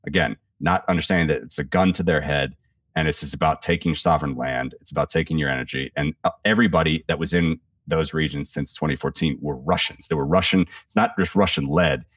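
A man with an extremely low voice delivers casual, profane political commentary on a podcast. He rambles, restarts his sentences often and talks bluntly. He sits back from the mic in a dry, dead-sounding room. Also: brisk, a bit bright, dry recording, far from the mic.

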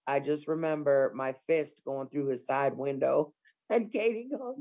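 Woman, low voice, blunt and profane, casual storytelling, slightly muffled recording. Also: normal speed, mellow. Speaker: storyteller in group chat. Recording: slightly dull lo-fi sound.

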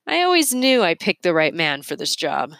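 A kindly, dapper old gentleman from a children's storybook, as a woman reader puts him on, gentle and reassuring with a slightly formal politeness. The voice sits fairly low and calm. The recording is close and dry. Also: moderate pace, no room sound. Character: kindly, dapper older gentleman hotel owner.

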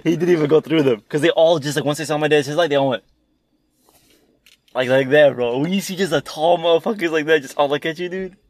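A man's voice: fairly high pitch, fairly quick, no echo. A young man telling rambling, profane stories in casual chat between friends. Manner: rambling, profane storytelling with slang.

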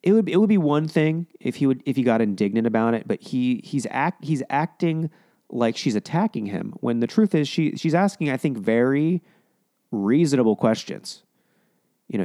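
A man with a warm, mellow voice riffs through sarcastic, profane commentary. His delivery is mocking and loose. The recording is dry and close to the mic, with no room sound. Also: mid-range voice, animated, normal speed, no echo. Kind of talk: casual reaction commentary.

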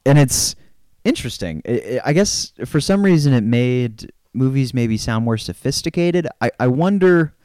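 A young man co-hosting a casual film podcast, with a very animated, up-and-down pitch. He rambles in a laid-back way, swearing and filling pauses with "like." The recording is close and dry. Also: smooth, dry recording. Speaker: podcast co-host.

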